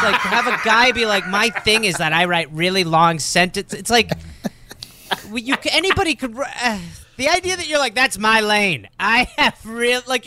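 Excitable comic guy riffing, high bright voice, swoops all over the place. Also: noisy background. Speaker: comedy podcast co-host. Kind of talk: comedic banter.

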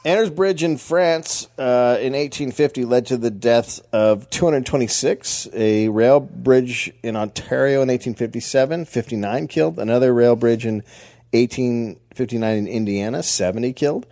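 A man hosting a comedy history podcast, recounting events from his notes in a wry deadpan. His voice sits at an ordinary middle pitch. The sound is close and dry. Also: normal speed, no room sound. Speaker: podcast host.

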